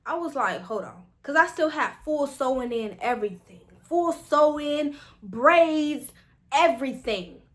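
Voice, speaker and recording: A young adult woman vlogger telling a casual storytime, animated and exasperated, full of slang. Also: sits high, unhurried.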